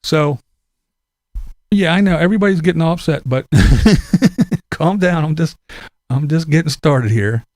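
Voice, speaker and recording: A man's voice: fairly high pitch, unhurried, pauses often, darkish tone, no room sound. Middle-aged man, casual ranting vlogger, profane and blunt, dry recording. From Pennsylvania. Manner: blunt, profane, laughs between points. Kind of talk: casual opinion monologue.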